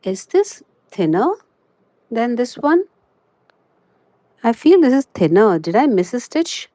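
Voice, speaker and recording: Very animated and on the high side, this woman's mellow voice comes through a dry recording as she streams a crochet lesson. She chats freely, using "you know" to fill pauses during the live tutorial.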